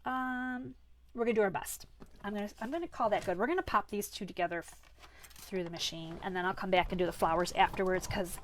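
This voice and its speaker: A woman's voice: medium pitch, fairly quick, slight background noise. A woman hosting a live card-making class, chatty and self-deprecating, who laughs off her own mistakes as she works. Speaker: crafting class host.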